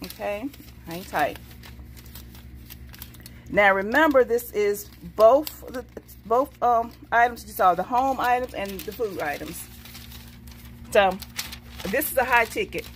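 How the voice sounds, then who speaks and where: This middle-aged woman chats through her shopping haul on a vlog, reading the receipt price by price and murmuring "okay, baby" to herself in a chatty, folksy way. Her fairly high voice is animated but slow, with frequent pauses and a little hiss or hum behind it.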